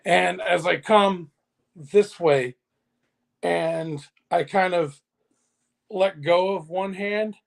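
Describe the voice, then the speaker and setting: A man plays a tabletop role-playing game, gleefully describing his attacks. His voice sits high and has a gravelly fry. He speaks in a casual way with the group. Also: drawn-out words, long pauses. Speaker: player.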